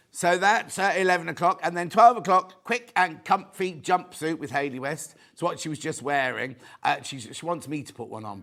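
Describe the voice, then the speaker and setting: A man's voice: fairly high pitch, fairly bright tone. British guy presenting live shopping tv, chatty, kinda breathless, voice swings all over. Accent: British English. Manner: chatty, camp asides, reads viewer comments aloud. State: a bit out of breath. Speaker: shopping channel host.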